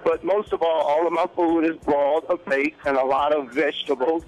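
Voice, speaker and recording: A man in his fifties, a guest on a morning talk show, telling a story in an animated way and acting out the voices of the people in it. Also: fairly high pitch, a little fast, faint music behind, low-quality recording. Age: 50s. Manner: animated, acts out quoted dialogue. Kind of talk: casual interview storytelling.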